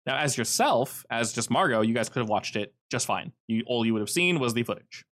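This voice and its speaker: A man's voice: mid-range voice, lively intonation, a little fast, fairly bright tone. A man narrating a tabletop game as game master, casual with many fillers.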